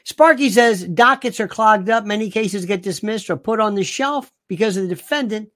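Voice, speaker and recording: A woman's voice: mid-range voice, moderate pace, a bit bright. A woman hosting a livestream, ranting animatedly and reading viewer comments aloud. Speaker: livestream host. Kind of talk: casual livestream monologue.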